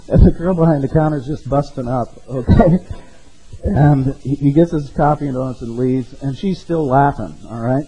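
A man's voice: a little high, moderate pace, dark tone, lo-fi sound, slight background noise. A man preaching a sermon in a conversational way, often checking in with his listeners with "okay?" and "right?". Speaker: pastor.

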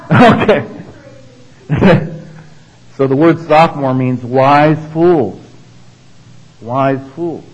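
A man's voice: mid-range voice, a little mellow, lo-fi sound, slight background noise. A man preaching a sermon in a conversational teaching manner, asking the congregation questions and tagging his points with "all right?" and "okay?". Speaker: pastor.

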